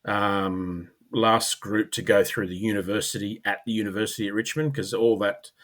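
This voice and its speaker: A middle-aged Australian man, a former police officer, talking casually as a podcast guest, rambling with fillers and clearing his throat. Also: fairly low pitch, little pitch movement, moderate pace, fairly bright tone. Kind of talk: casual conversational storytelling.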